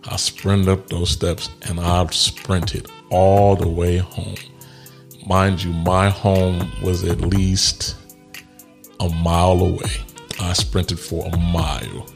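A man's voice: deep voice, flat delivery, slow pace, gravelly, faint music behind. A man telling a personal story in a candid, reflective way, laughing often and swearing casually as he works through grief. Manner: reflective and grieving.

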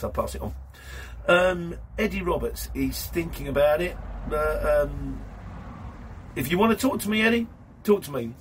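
Husky man rambling chattily. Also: a little high, fairly bright tone. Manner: rambling, chatty, self-deprecating. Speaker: courier business owner and vlogger. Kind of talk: casual vlog answering viewer questions.

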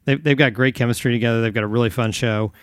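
A man's voice: medium pitch, steady tone, very fast, clean tone, dry recording, studio quality. A man hosting a podcast in casual chat, rambling with frequent restarts. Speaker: podcast host.

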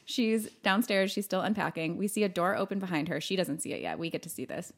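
A woman telling a film's plot to her co-host in loose, chatty podcast talk. She is animated and blunt, swears freely, and slips into the characters' lines as she goes. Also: lowish voice, quick pace. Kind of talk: casual movie recap chat.

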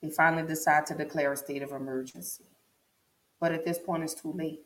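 Low-voiced New woman vlogger. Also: steady tone, a little fast. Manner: repetitive, emphatic, talks straight to viewers. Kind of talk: personal storytelling vlog. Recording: echoey room.

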